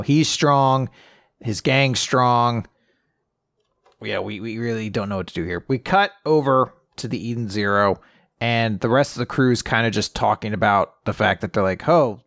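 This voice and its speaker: A man's voice: medium pitch, no echo, studio quality. A man co-hosting a podcast, chatting casually and acting out quotes with bursts of laughter. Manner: animated retelling with quick acted-out quotes and laughter. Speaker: podcast co-host. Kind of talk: casual manga discussion.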